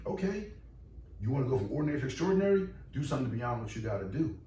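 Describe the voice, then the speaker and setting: A man who owns and runs a boxing gym, talking casually in a podcast interview, emphatic and animated with many repeated restarts. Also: medium pitch, racing. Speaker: boxing gym owner and trainer. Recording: echoey room, distant mic, faint noise.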